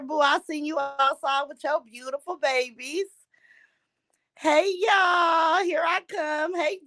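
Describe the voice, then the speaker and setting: A woman with a high voice hosts a casual livestream from home and greets her viewers one after another. She chats warmly with them and calls them by pet names. The sound is dry and close, as if spoken straight into a phone. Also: no room sound. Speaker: livestream host.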